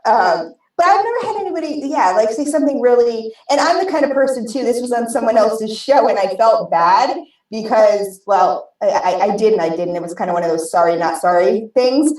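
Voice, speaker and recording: A woman's voice: on the high side, expressive, brisk, darkish tone. An American woman chatting casually as a guest on a podcast, rambling with lots of restarts and fillers. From United States. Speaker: guest vape show host. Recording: roomy, distant mic.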